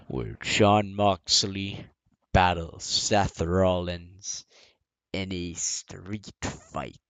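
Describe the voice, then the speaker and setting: A man's voice: deep voice, a bit bright, no echo. A man hosting a casual show, recapping wrestling events and acting out the wrestlers' speeches. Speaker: host.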